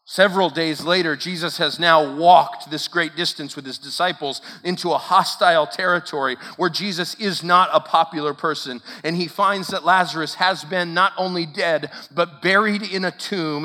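A man preaching with a bright, forceful, fairly high voice and an emphatic, repetitive cadence. His words ring out with a long reverb from a large hall. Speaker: camp speaker. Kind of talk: sermon.

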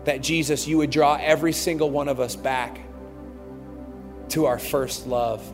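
A fervent male pastor reads scripture in a large church, his voice a touch high for a man and growing ever more impassioned. A long reverb trails each phrase through the auditorium. Soft music plays faintly underneath. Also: fairly even intonation, a little slow. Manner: fervent, preacherly, reads aloud with rising intensity. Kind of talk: sermon reading scripture.

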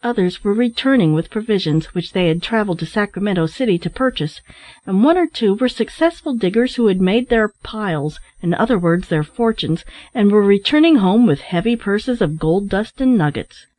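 A woman narrating a storybook in a steady, even reading voice. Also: medium pitch, normal speed, no echo. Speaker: audiobook narrator.

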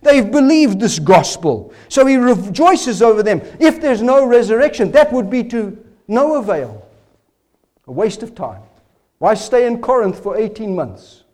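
A man's voice: high voice, sing-song, unhurried, darkish tone. A man preaching a sermon, driving his points with rhetorical questions and emphatic rises and drops in his voice. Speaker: pastor.

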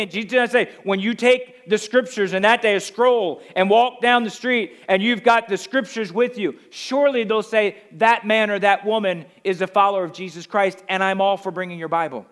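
A man with a high, light voice preaches a sermon in a New Jersey accent. He drives his points home with repeated rhetorical questions, leaning hard on key phrases. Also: fairly bright tone. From Northeastern US. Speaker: pastor.

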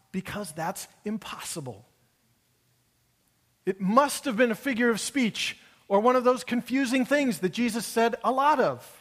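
A man with a high voice delivers a sermon. He talks in a conversational, wry way and acts out the lines he quotes. His voice carries a long hall reverb. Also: fairly bright tone. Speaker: pastor.

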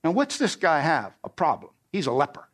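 A man's voice: on the high side, huge pitch swings, fairly quick, fairly bright tone. Man preaching with call-and-answer questions. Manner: expository, paraphrasing scripture in everyday slang; asks the congregation questions and answers them. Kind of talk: sermon.

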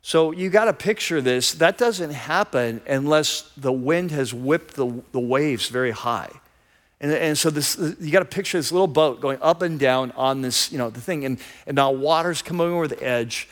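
A man's voice: on the high side, moderate pace. A male pastor preaching a sermon in a conversational, enthusiastic storytelling manner.

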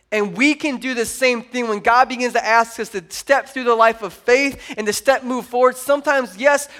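Male pastor, 30s, lighter high register, lively anecdotal sermon style. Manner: animated storytelling, heavy on "like". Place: church service.

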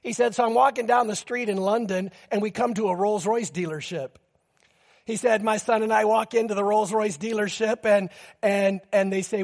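A man delivers a sermon from the pulpit, his voice pitched high with a gravelly edge. He tells stories in a lively, animated way, throwing in quick asides and acting out the lines he quotes. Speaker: pastor.

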